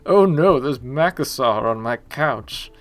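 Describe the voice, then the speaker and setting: Man putting on a fussy Victorian gentleman. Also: medium pitch, expressive, faint music behind, voice pushed up. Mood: aghast. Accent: put-on posh accent. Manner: drawn-out, theatrically horrified delivery.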